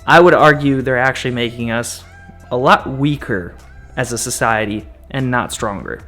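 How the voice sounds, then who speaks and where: A man's voice: mid-range voice, fairly bright tone. A man talking casually to camera as a vlogger, playful and joking in his asides. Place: home, bathroom and truck with travel trailer.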